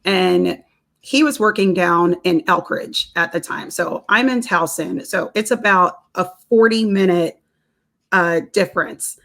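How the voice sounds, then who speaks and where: A woman's voice: fairly low pitch, unhurried, fairly bright tone. A woman, a nutrition counselor and personal trainer, telling a personal story in a casual interview, laughing often and repeating words as she goes.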